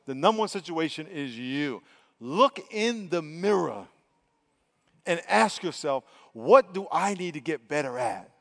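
High-voiced man preaching in a reverberant hall. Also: expressive, a little slow, fairly bright tone. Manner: conversational, emphatic preaching with acted-out quotes. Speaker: pastor. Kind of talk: sermon.

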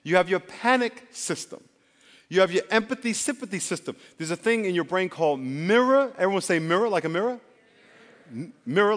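A man preaching a sermon as pastor, animated and leading call-and-response with the congregation. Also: high-pitched. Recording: long hall reverb.

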